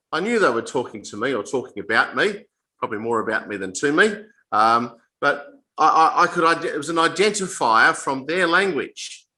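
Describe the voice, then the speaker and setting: This Bible teacher has a sharp, mid-range male voice, captured in poor audio. Speaking informally to a small group, he explains things in plain, conversational terms, frequently breaking off mid-sentence to repeat and restart.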